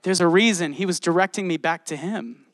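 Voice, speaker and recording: A man preaching a casual, animated sermon, reading scripture and exclaiming often to his listeners. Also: sits high, fairly quick, no echo, studio quality.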